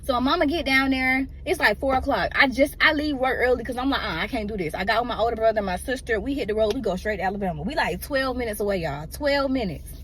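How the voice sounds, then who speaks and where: A woman's voice: fairly high pitch, fast talker, hardly any pauses, a bit bright, slight background noise. A woman emotionally telling a personal story in a casual, rambling way and often addressing her listeners directly.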